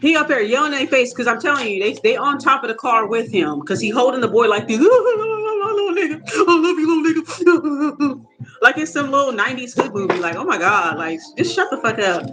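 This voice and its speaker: A woman telling a casual, profane story, animated and often laughing. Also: fairly high pitch, fast, hardly any pauses, soft background music, low-quality recording. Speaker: tarot reader vlogger.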